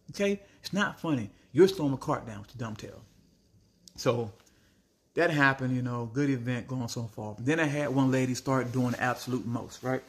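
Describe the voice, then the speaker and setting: A man vents about his customers in a storytime vlog. He is exasperated and animated, and his voice jumps into sudden high-pitched outbursts. His pitch sits in the middle range for a man. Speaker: Italian ice vendor.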